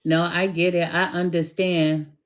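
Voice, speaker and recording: A woman's voice: fairly low pitch, flat delivery, unhurried. A middle-aged woman, a tarot reader, telling stories in a chatty way, full of fillers and retold dialogue. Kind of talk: casual storytelling monologue.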